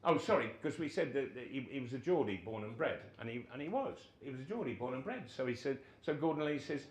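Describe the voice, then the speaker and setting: Man in his sixties, lively storyteller, former footballer, roomy hall echo, mid pitch. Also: quick pace, few pauses. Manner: animated, acts out quoted voices. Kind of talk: live anecdote telling. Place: social club function room.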